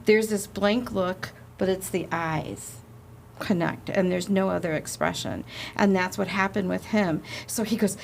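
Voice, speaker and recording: A woman casually telling a ghost story on a podcast, animated and laughing, acting out the quotes. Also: mid-range voice, unhurried, gravelly, a little hiss or hum. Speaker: guest, haunted inn representative.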